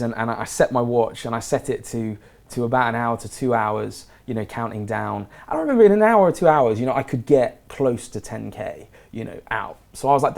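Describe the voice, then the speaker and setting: A man telling a story in casual conversation as a podcast guest, animated and laughing often. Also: medium pitch, a little fast, creaky.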